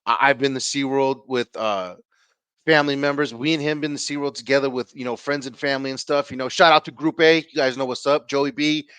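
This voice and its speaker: Animated, profane man telling a story. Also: medium pitch, a little fast, smooth, no echo. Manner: animated, profane, swings loud and quiet while acting out quotes. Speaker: podcast host. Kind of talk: casual storytelling.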